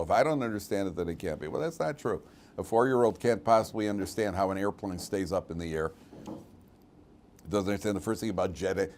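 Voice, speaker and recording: A man gives a lively, humorous class as a rabbi, chatting with his students and often restarting his sentences. His delivery is plain and conversational. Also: mid-range voice. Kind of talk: lively Torah class with anecdotes.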